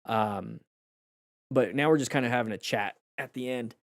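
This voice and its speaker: A man who coaches motorcycle riding, his voice going hoarse, talks in a reflective, rambling way with viewers on a live stream, often restarting his sentences. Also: medium pitch, moderate pace, no echo.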